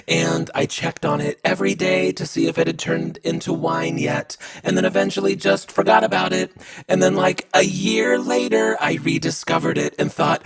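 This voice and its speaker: Gravelly high-voiced man telling funny stories. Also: big pitch swings, unhurried, rough recording. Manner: wry, playful, acts out childhood dialogue. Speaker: comedic storyteller. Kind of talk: casual comedic storytelling. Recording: loud music under the voice.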